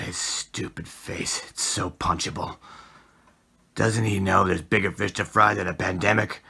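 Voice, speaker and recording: A man's voice: creaky, bright, forceful tone, slightly rough, heavily acted. A man voicing a foul-mouthed, boozy abandoned house cat with a crude, grumbling manner. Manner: crude, grumbling, swinging from pitch to pitch.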